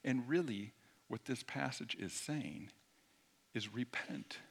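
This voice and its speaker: A middle-aged man preaching a sermon in a conversational way, dropping at times to a hushed near-whisper. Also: medium pitch, takes it slowly, creaky, slightly rough. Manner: conversational, shifts between loud emphasis and hushed near-whisper. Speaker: pastor.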